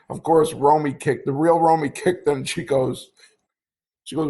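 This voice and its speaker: A man's voice: on the high side, moderate pace, darkish tone, slight background noise. Middle-aged guy telling his story in an interview, stops and repeats himself, gets choked up. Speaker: interview guest. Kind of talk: emotional storytelling.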